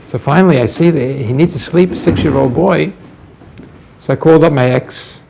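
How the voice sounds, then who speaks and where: Gravelly man telling a case story. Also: a little high, normal speed, warm tone, a little hiss or hum. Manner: acts out dialogue in quotes, repeats words. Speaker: psychologist. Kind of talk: anecdotal storytelling talk. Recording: dull lo-fi recording.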